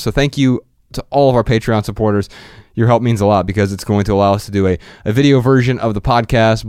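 Smooth-voiced male podcast host. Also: on the low side, darkish tone, no room sound, clean studio sound. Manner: upbeat, joking, promotional. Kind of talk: casual podcast chat and announcements.

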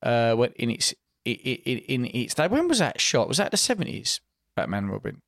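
A man's voice: medium pitch, wildly swooping pitch, creaky, no echo, studio quality. Rambling man co-hosting a podcast. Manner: rambling, halting, trailing off. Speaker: podcast co-host. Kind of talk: casual chat.

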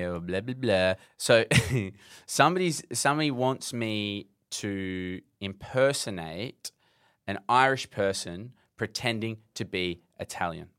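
A man's voice: lowish voice, measured pace, smooth, no echo, studio quality. A man hosting a podcast, chatting casually and joking around. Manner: lively, joking, drops into impressions. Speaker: podcast host. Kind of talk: casual chat.

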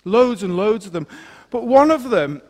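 Casual male preacher, high voice, long hall reverb, talks it through plainly. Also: expressive, moderate pace, a little mellow. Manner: casual explaining, asks "okay?" to listeners. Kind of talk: sermon.

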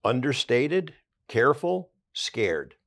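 A man's voice: medium pitch, sing-song, slow, a bit bright. An older man, an investigative journalist, recounting past events conversationally in a podcast interview.

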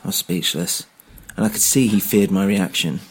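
A man narrating an audio drama in the first person with tense, measured storytelling. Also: low-pitched, husky. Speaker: narrator and host.

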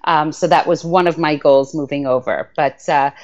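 A woman with a New York accent, a guest author, speaking in an earnest, measured way with some fillers in a podcast interview. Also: deep voice, fairly even intonation, dull audio. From United States.

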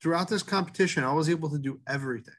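A middle-aged man, a head baker, talking earnestly in an interview, halting often with fillers and restarts. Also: fairly high pitch, a bit bright. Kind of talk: casual interview talk.

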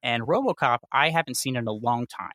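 A man's voice: medium pitch, lively intonation, brisk, a bit bright, dry recording, clean studio sound. A man co-hosting a movie podcast, telling stories in casual chat with a laugh in his voice. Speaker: podcast co-host.

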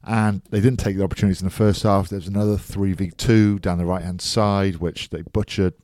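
A man with a very low, deep voice talks through a rugby match on a casual podcast, calm and matter-of-fact. His teasing is dry. The sound is close and dead, with no room echo at all. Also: brisk. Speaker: podcast co-host, rugby pundit. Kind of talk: casual sports podcast chat.

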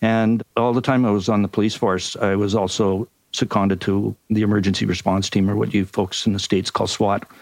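An older man with a Canadian accent, a retired detective telling a case in a measured, methodical way on a podcast. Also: lowish voice, flat delivery, dry recording. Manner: measured, methodical recounting with occasional ums. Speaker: retired detective and crime writer, guest. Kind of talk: podcast interview storytelling.

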